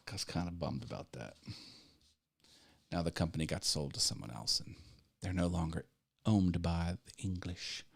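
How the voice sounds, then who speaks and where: A man's voice: deep voice, normal speed, vocal fry, long pauses, breathy edge. A man hosting a casual live stream, rambling and restarting his sentences and chuckling at his own jokes. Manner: rambling, self-interrupting, laughs at own jokes. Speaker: YouTube live show host.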